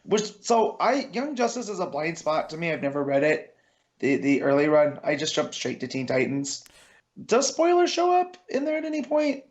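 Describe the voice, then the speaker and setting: A man co-hosting a comic book podcast who talks in a relaxed way and often chimes in with short agreements. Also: on the high side, moderate pace, dull audio. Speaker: podcast co-host. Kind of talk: casual comic review chat.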